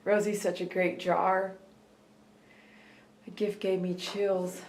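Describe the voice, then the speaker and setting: A woman's voice: mid-range voice, flat delivery, slow pace, a little mellow. Emotional woman in an echoey room. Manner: emotional, tearful, laughing. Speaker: host of a pet grooming channel. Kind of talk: live stream, opening gifts.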